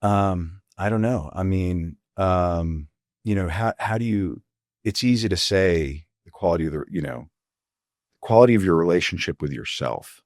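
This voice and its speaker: A middle-aged man with a very low voice talks earnestly, pausing often and hunting for the right words as he reflects. He sounds close to the mic in a dry, dead room with no echo. His tone can turn quietly emotional. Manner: halting, searching for words, many fillers. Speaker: physician guest. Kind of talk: reflective interview conversation.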